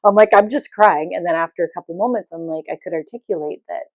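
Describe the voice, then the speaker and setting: A woman hosting a podcast, telling a personal story in a casual monologue, animated and laughing often as she acts out what was said. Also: lowish voice, quick pace, no room sound. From Canada. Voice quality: loud laugh. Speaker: podcast host.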